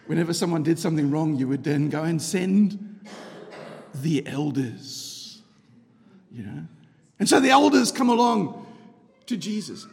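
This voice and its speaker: A middle-aged man preaching a conversational sermon, telling the story with rhetorical questions and a chatty, animated manner. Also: sits high, gravelly. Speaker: pastor. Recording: long hall reverb.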